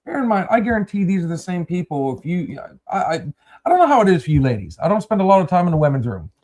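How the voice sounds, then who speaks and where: A man's voice: high voice, big pitch swings, quick pace, darkish tone. A man hosting a casual podcast chat, rambling and repeating words as he addresses his listeners. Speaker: podcast host.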